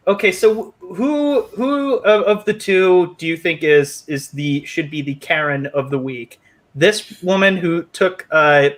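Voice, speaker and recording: Brief: high-pitched male stream host, rambling, laughing, casual. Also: fairly bright tone. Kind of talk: casual live stream chat.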